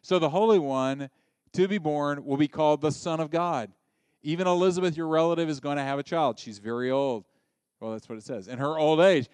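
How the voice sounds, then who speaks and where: Male preacher, casual and joking, punchy emphasis, slightly high pitch, dry recording. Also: brisk, smooth, no room sound. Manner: conversational and joking, with sudden loud emphatic bursts. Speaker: pastor. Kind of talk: sermon.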